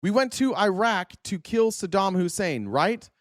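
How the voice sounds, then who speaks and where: A man with a high-pitched voice delivers a heated, profane political rant as host of his show. His talk is insistent and full of swearing. The recording is dry and close, with no room sound. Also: animated, a little slow, no echo.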